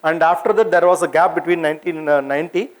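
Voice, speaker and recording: A man with an Indian English accent gives an informal science lecture in a fairly high voice. He talks with plenty of fillers and restarts and keeps turning to his listeners with questions. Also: fairly even intonation, fast talker, rough recording. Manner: hesitant, many fillers and restarts; asks the audience questions, conversational. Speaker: senior scientist giving a public talk.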